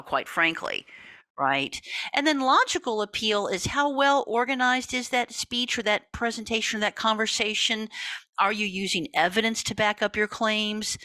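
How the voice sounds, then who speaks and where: A woman teaching a college communication class in a lively, talkative lecture style, often checking in with "right?". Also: mid-range voice, no echo. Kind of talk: recorded lecture.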